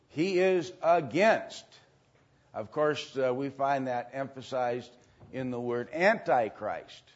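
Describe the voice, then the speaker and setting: Male preacher, slow and halting teaching delivery, dull lo-fi recording. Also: medium pitch. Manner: slow, halting, many fillers. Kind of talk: sermon teaching. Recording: dull lo-fi sound.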